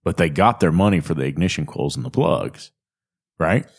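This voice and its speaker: A man's voice: a bass voice, animated, moderate pace, gravelly, slightly rough. A man hosting a podcast, making wry, teasing interjections and steering the talk. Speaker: podcast host. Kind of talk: casual chat.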